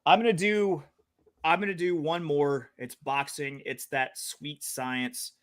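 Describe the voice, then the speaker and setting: A man co-hosting a casual sports betting podcast, hyped and jokey, getting loud when he reads out names. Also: fairly high pitch, steady tone, slow. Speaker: podcast co-host.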